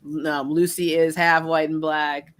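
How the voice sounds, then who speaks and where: A woman's voice: deep voice, flat delivery, a little slow. A woman hosting a casual livestream chat, talkative and laughing often, with frequent ums. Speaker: host.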